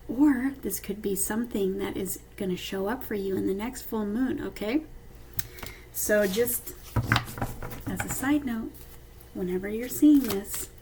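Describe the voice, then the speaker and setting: A woman at a mid pitch gives a casual card reading, talking straight to her viewers. Her delivery is chatty, and she keeps checking in with them as she goes. A faint hiss runs underneath. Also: darkish tone, poor audio. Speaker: tarot card reader. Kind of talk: casual intuitive reading to camera.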